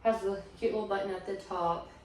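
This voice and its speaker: A woman's voice: medium pitch, steady tone, a little fast, a little mellow, far from the mic, a little hiss or hum. Chatty young woman in an echoey room. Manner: chatty, trails off with fillers while sorting items. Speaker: reselling vlogger, stay-at-home mom. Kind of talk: casual chat showing a thrift haul.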